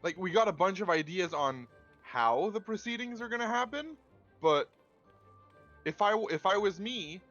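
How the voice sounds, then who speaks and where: Animated, swearing male gamer. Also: high voice, normal speed. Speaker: co-player. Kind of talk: casual gaming chat. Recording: dull lo-fi with game music.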